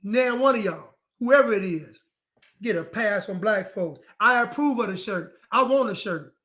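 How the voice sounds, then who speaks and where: A man's voice: sits high, lively intonation, moderate pace, a bit bright. A man delivering a defiant ranting monologue to camera, repeating his phrases over and over.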